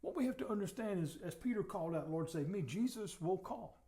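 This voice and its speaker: A man's voice: high-pitched, animated, brisk. A man teaching as a pastor, earnest, often repeating himself and dropping his voice for emphasis. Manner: earnest, repeats words, drops to soft emphasis. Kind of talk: sermon teaching.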